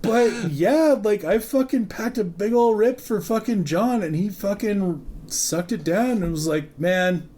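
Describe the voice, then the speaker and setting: Animated, profane young man telling a story. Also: high-pitched, unhurried, hardly any pauses, a little hiss or hum. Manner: profane, laughing, animated storyteller acting out quotes. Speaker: podcast host. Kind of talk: casual storytelling chat.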